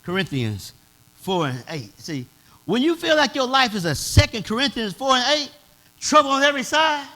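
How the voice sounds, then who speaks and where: High, bright-voiced preaching pastor. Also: male voice, big pitch swings, normal speed. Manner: preaching in a dialect, swelling to shouts. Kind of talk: sermon.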